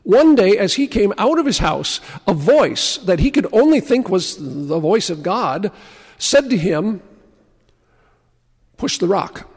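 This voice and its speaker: A man preaching a sermon in a notably high voice. He tells stories and slows, dropping to a hush to stress key words. The sound carries a long, spacious reverb. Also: very animated, husky. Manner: storytelling preacher, slows and drops to a hush for emphasis. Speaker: pastor.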